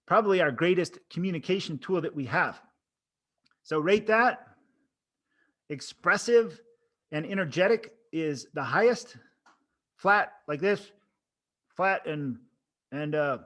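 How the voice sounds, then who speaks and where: A man's voice: sits high, a bit bright. A man giving casual coaching talk to camera, demonstrating expressions and vocal tones as he teaches. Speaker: oral board coach. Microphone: camera framing, speaking to camera.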